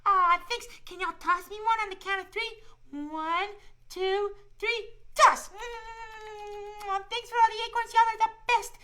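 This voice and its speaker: A man's voice: extremely high pitch, fairly even intonation, a little slow, pushed and bright, pitched above the performer's own voice, full character voice. A man voicing a shy, friendly little squirrel puppet in a children's show, eager and chatty and tripping over repeated words. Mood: grateful.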